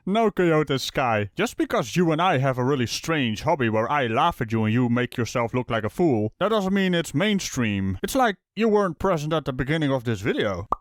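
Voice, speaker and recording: A man's voice: mid-range voice, very animated, normal speed, no room sound, clean studio sound. A man from the Netherlands giving sarcastic, mocking reaction commentary, laughing often. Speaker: YouTube commentator.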